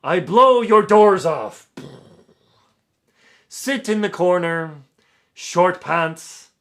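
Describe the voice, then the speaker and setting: A man's voice: high-pitched, animated, very slow, fairly bright tone, voice pushed up, full character voice. A man reading out a nasty review in a put-on pompous English accent, playing a snobbish literary critic. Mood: pompous, sneering. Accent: mock posh English. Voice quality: pompous, sneering.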